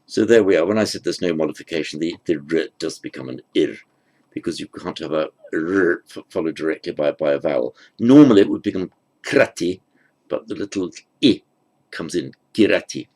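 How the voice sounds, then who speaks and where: A man's voice: rumbling low, a little fast, a little mellow. A man giving a grammar lecture, thinking aloud with fillers and self-corrections. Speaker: teacher.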